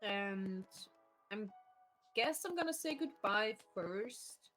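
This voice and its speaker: Woman streamer, casual chat at home, giggly animated storyteller, mid pitch, light music under. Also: takes it slowly, low-quality recording. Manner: laughs often, animated storytelling, swears freely.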